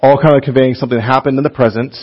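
A man teaching a casual Bible lesson in a chatty, animated way, laughing often as he reads passages aloud. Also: mid-range voice, very fast, muffled recording.

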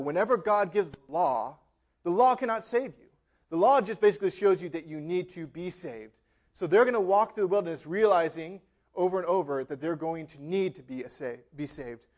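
A man's voice: a little high, a little mellow. A man preaching a sermon, reading scripture aloud with emphatic, dramatic delivery. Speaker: pastor.

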